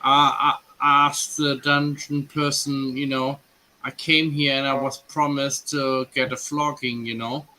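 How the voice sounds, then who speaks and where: A man's voice: mid-range voice, level tone, measured pace, pushed and bright, rough recording. A man chatting casually on a group video call, joking in a laid-back way. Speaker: participant in video hangout.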